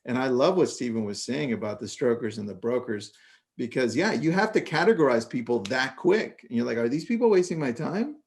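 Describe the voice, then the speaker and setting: A man with a gravelly, fry-tinged voice chats casually on a real estate panel. He tells stories with animated energy and tosses in quick asides. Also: mid-range voice. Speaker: podcast co-host.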